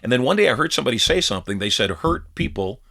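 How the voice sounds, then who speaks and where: A man's voice: medium pitch, very animated, racing, bright, forceful tone. A middle-aged man co-hosting a podcast, telling personal stories and acting out quoted dialogue in casual conversation. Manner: storytelling, acts out quoted dialogue. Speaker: podcast co-host.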